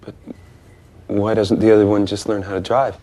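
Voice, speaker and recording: A man's voice: fairly low pitch, flat delivery, mellow, lightly acted. A man playing an earnest, stammering young comedian. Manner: earnest, halting, stammers when pressed. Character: odd, earnest young comedian defending his act. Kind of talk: film drama dialogue.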